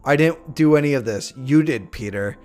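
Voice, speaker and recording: A man voicing a vengeful young man who holds someone captive, speaking low, hushed and sinister. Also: normal speed, soft background music, close to an everyday voice. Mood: furious. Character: menacing young man captor, calm and vengeful.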